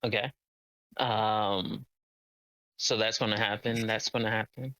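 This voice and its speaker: Man, game master, slow unhurried narration, dry close sound, halting with fillers. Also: lowish voice, steady tone, a bit bright, clear, resonant tone, dry recording, low-quality recording. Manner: hesitant, many ums and uhs, laughing often.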